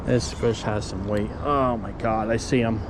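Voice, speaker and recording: Slow-talking man narrating a riverbank catch. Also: fairly low pitch, fairly even intonation, noisy background. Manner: addresses viewers as guys, coaching and explaining. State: out of breath. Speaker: fishing vlogger. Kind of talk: live play-by-play commentary. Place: outdoors on a riverbank.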